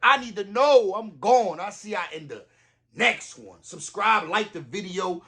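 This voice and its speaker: A young man hosting a reaction video, talking in casual slang with animated disbelief. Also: high voice, a little slow, breathy edge.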